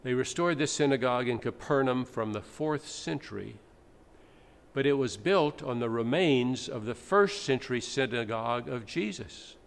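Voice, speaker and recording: A man's voice: mid-range voice, animated, moderate pace, vocal fry. A male pastor preaching a sermon in a teacherly, explaining way, in a church. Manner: explanatory, teacherly, with dramatic readings. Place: church sanctuary. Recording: echoey church, faint background noise.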